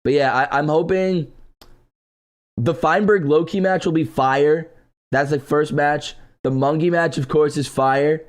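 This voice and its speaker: His voice high-ish, steady and a little slow, a young man streams live with the stuffy congestion of having just woken up. He chats casually and easily with viewers, responding to chat and thanking donors.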